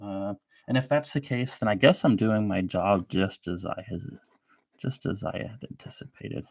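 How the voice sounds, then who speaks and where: A man's voice: fairly low pitch, expressive, moderate pace, vocal fry, no room sound. A man hosting a live show, rambling with sardonic asides while he draws. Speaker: show host. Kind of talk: rambling live-stream commentary while drawing.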